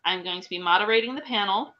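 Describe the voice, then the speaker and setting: A woman's voice: mid-range voice, fast, muffled recording. A woman co-hosting a podcast, chatting casually and telling a funny story while fighting a cold, in her thirties. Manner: chatty storyteller, laughing asides. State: coming down with a cold. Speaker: podcast co-host. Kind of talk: casual chat.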